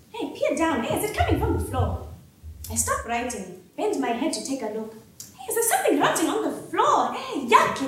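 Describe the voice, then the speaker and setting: A woman performing a dramatic first-person story in a staged reading, expressive and wry, heard in an echoey theater hall. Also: high-pitched, a little hiss or hum.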